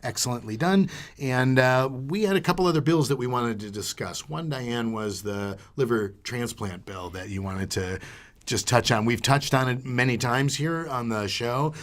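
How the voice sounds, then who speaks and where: Male podcast host at a middle pitch; relaxed and casual. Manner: relaxed, fills pauses with um and uh.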